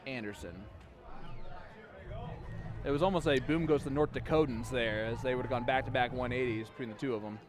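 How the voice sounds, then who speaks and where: A man commentating live darts, playful and teasing, with quick, chatty banter. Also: medium pitch. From USA.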